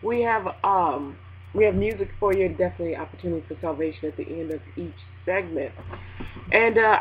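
A woman hosting a casual gospel internet radio show, animated and joking, laughing often between lines. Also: on the low side. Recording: dull lo-fi home recording with faint noise.

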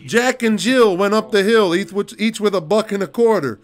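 A man's voice: high voice, moderate pace, faint music behind, close to an everyday voice. A man putting on a brash tough-guy comedian with a Brooklyn accent, reciting crude nursery rhymes. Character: tough-talking Brooklyn stand-up comic, male, brash.

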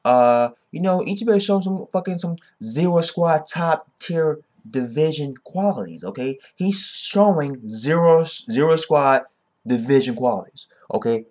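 An excitable young man giving casual commentary on a manga chapter. His talk is loaded with slang and swearing, and he keeps punctuating his points with "okay?". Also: on the high side, a little slow. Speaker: manga reviewer.

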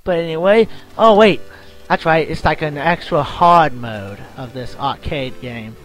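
Excitable young man commenting on gameplay. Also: on the high side, measured pace. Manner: excitable, self-mocking, yelps at the game. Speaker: let's play gamer. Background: game music.

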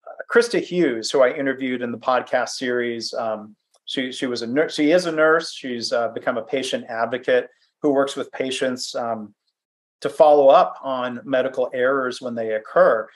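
A man's voice: mid-range voice, moderate pace. Brief: man presenting a webinar from his home office, easygoing and self-deprecating, mid-range voice. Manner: conversational, self-deprecating, with fillers and restarts. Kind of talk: presentation with anecdotes.

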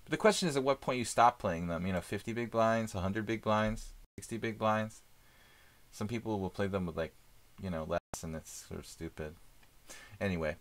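A man streaming live chess, thinking aloud in casual commentary with many fillers and pauses. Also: on the low side.

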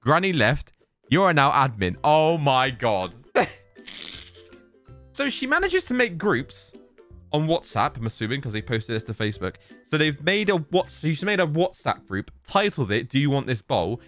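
A man's voice: a little high, very animated, moderate pace, a bit bright, faint music behind. A young man giving casual, exasperated reaction commentary and reading posts aloud, with frequent exclamations. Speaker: YouTuber reacting to social media posts.

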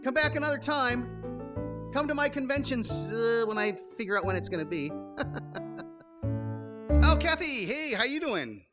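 A man voicing an excitable, scatterbrained male bunny puppet in a children's puppet show, giggling and stammering as he talks. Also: very high voice, measured pace, pauses often, over music. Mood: excited.

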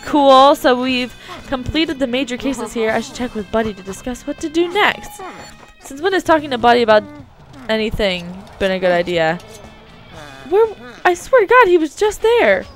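A woman's voice: fairly high pitch, normal speed, faint music behind. A young woman chatting casually with lots of fillers as she plays a video game. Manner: chatty, filler-heavy, excitable. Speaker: let's play host. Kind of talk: casual gameplay commentary.

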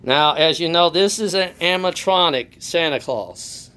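A man hosting his own doll channel, announcing slowly and deliberately with lots of repetition. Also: fairly high pitch, pushed and bright, clear, resonant tone. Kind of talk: casual video narration.

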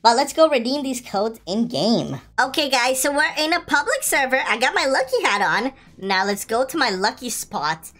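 A woman hosting a casual unboxing video, chatty, excitable and slangy, with gasps and giggles. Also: sits high, moderate pace, few pauses. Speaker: channel host.

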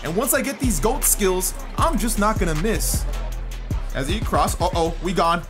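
A man giving excited gameplay commentary as a gaming YouTuber, shouting and groaning at the game as it goes. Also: sits high, moderate pace. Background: game music and sounds.

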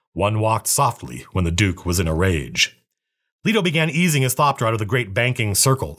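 A man reading a novel aloud with a steady, even storytelling manner. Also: lowish voice.

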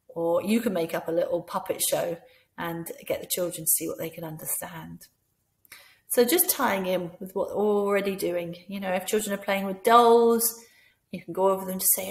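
A woman's voice: medium pitch, fairly even intonation, moderate pace. Scottish woman coaching teachers, explains then acts out little bits of talking to kids in a sing-song teacher voice. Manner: demonstrates by speaking to imagined children in a bright teacher voice. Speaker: teacher trainer. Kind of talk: instructional talk with classroom role-play.

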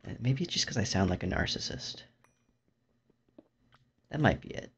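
A man's voice: big pitch swings, moderate pace, fairly bright tone. A young man commentating his own gameplay in a dry, rambling, self-mocking way. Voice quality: low gravelly voice. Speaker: gaming YouTuber. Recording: dull lo-fi mic.

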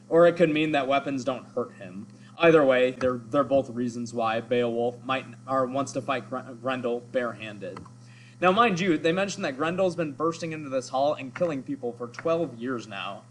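A male English teacher with a mid-range voice gives a recorded literature lesson, explaining casually and thinking aloud as he goes. The recording is low quality, with a little hiss or hum.

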